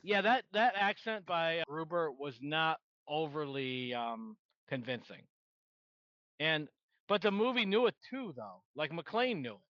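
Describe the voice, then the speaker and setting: A man's voice: a little high, sing-song, unhurried, a bit bright, no echo, dull audio. A man co-hosting a podcast, chatting casually about a movie in a laid-back way. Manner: laid-back, laughs often, swears casually. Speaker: podcast co-host.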